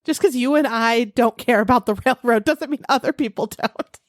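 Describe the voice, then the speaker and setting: A woman's voice: on the high side, normal speed, no echo, studio quality. A woman co-hosting a podcast, chatting playfully and defensively with a laugh in her voice. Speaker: podcast co-host. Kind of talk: casual chat.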